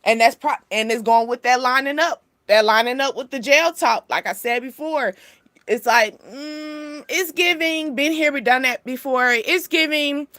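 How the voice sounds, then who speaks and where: A young woman hosting a casual spiritual reading, chatty and animated, laughing often. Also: high-pitched, unhurried, dry recording. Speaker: spiritual channel host giving a reading.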